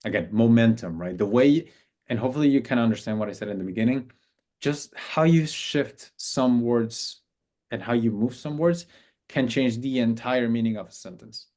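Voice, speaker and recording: A man's voice: mid-range voice, moderate pace, warm tone. Casual-talking male business coach. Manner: conversational, acts out sample client messages. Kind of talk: casual instructional talk.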